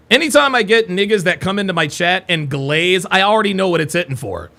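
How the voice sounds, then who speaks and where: A man's voice: high voice, lively intonation, a little fast, few pauses, pushed and bright. A man hosting a live reaction stream, talking bluntly and mockingly and swearing freely as he comments on a debate clip.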